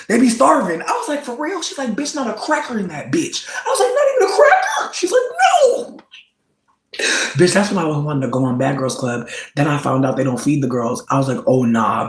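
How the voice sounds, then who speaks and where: Man, casual gossip chat, campy and slangy, mid-pitched voice, high squealing reactions, roomy echo. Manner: slangy, campy storytelling with frequent "bitch" and "like". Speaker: vlogger.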